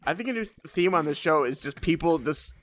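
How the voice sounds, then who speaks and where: A man's voice: on the high side, animated, brisk, a little hiss or hum. A man co-hosting a casual podcast, joking in an easygoing way. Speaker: podcast co-host. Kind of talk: casual chat.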